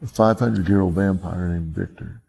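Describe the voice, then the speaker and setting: A man interviewing calmly, asking probing questions and repeating answers back. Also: low voice, normal speed, creaky, husky.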